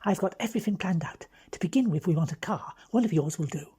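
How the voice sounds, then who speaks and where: A woman with an English accent voicing a bold young aristocratic woman who lays out a scheme in a brisk, bossy way. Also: lowish voice, animated, dark tone, slightly rough. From London.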